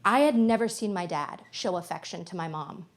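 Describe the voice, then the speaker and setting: A woman's voice: on the low side, moderate pace. Chatty woman stand-up comedian. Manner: chatty, lots of "like", playful storytelling. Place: theater stage with live audience. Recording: noisy live theater recording.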